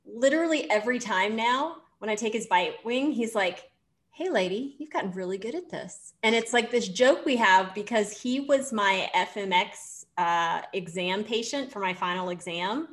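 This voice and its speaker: A woman's voice: mid-range voice, normal speed, few pauses. A middle-aged woman, a dental hygienist co-hosting a show, telling stories in a casual, encouraging way. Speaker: podcast co-host, dental hygienist. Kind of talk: casual chat.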